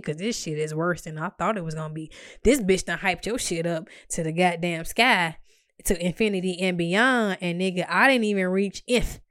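A woman's voice: fairly low pitch, moderate pace, no room sound. A woman telling a personal story to her viewers in a candid, blunt and profane way, with dry, exasperated humor, acting out what she said at the time. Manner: blunt and profane, acts out her own quoted lines.

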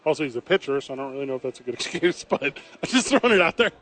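A man hosting live sports radio from a ballpark, brisk and playful, teasing himself. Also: medium pitch, big pitch swings, a bit bright. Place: table at a ballpark, live broadcast.

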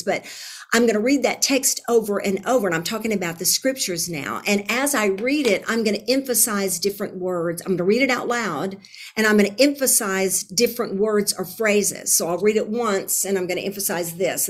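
A woman Bible teacher and speaker talking as a podcast guest in an earnest, emphatic way, often repeating and restarting her phrases. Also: mid-range voice. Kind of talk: casual interview conversation.

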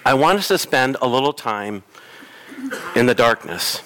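A man's voice: medium pitch, lively intonation, unhurried, pushed and bright. A man preaching a reflective, emphatic sermon as pastor in a church. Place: church sanctuary.

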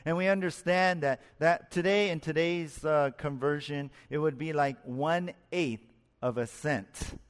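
A man's voice: a little high, measured pace, clear, resonant tone, big-room sound. A man preaching a sermon as a pastor, earnest, rising and dropping his voice for emphasis and asking his listeners questions.

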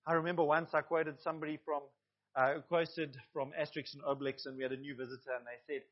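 A man's voice: a little high, fairly even intonation, quick pace, muffled recording. A male pastor preaching a sermon to his congregation, earnest, with asides to the listeners.

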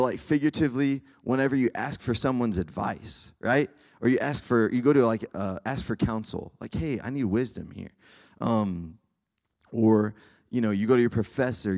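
A man's voice: medium pitch, darkish tone. A young man preaching a casual sermon to students, keeps checking in with his listeners. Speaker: campus ministry speaker.

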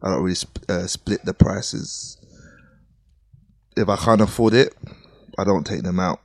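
Deep, dry-sounding man, podcast co-host, confident and laid-back. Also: a little slow, creaky, dry recording. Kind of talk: casual podcast chat.

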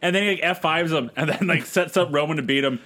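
A man's voice: on the high side, fast talker, sharp tone. A man co-hosting a casual podcast chat, loose and profane, often quoting others in put-on voices. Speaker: podcast co-host.

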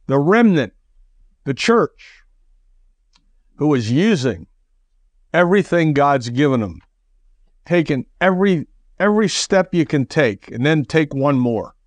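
A man preaching a radio sermon, emphatic, with rhetorical questions and the odd cough or throat clearing. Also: on the high side, no echo. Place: radio broadcast.

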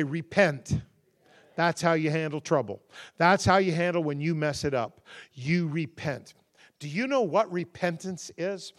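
A male pastor preaching a sermon, building to loud, fervent passages and leading the congregation in call-and-response. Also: a little high.

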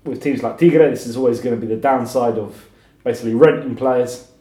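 A man's voice: mid-range voice, a little fast, dark tone, echoey room. A man on a football podcast, thoughtful and often saying "you know". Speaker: podcast panelist. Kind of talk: casual football chat.

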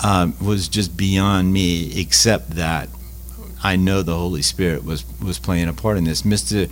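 Low voiced guy, stumbles and repeats himself a lot, tells stories, bit of hum behind. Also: fairly even intonation. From Louisiana. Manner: halting, repeats words, many fillers. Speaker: Catholic food ministry leader. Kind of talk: casual interview storytelling.

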